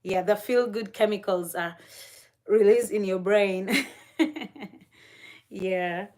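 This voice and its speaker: A woman chatting on a livestream in an unhurried, easygoing way. Her pitch sits in an ordinary middle range, and she laughs often and leans on lots of fillers while talking to the viewers in the chat. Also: a little mellow. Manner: talks to chat viewers directly. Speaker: livestream host.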